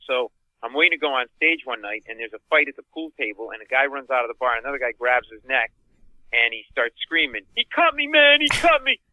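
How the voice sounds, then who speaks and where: A comedian telling an animated comic anecdote, acting out the other people's voices as he goes. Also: medium pitch, quick pace, phone-quality sound. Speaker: guest comedian.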